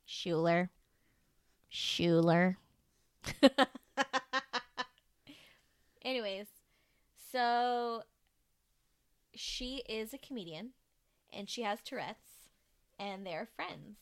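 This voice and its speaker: A woman's voice: a little high, drawn-out words, long pauses, no room sound, studio quality. A woman co-hosting a podcast in casual chat, teasing and chatty, laughing often. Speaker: podcast co-host.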